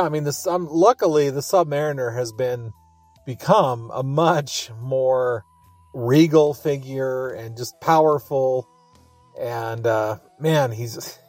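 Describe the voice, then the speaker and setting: A man with a slightly high voice talks casually through a review. He rambles, chuckles and fills his pauses with ums. Faint music plays under him. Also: darkish tone, dry recording. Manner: rambling, chuckling, with many fillers. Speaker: podcast host reviewing a radio adaptation.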